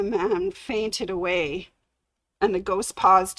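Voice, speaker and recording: A woman storyteller on a livestream, drawing out a spooky tale at an unhurried, deliberate pace. Her voice is bright and clear, with dramatic pauses. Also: medium pitch, steady tone. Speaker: sewing channel host. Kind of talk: livestream ghost story telling.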